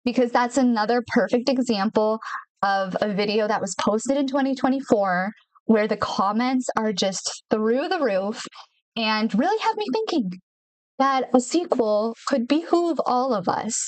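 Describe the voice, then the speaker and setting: A woman's voice: on the high side, no echo. Chatty woman podcast host, dry sound. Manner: chatty, repeats words for emphasis, laughs often. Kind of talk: casual talk to camera. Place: her home studio in Nashville. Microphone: studio microphone.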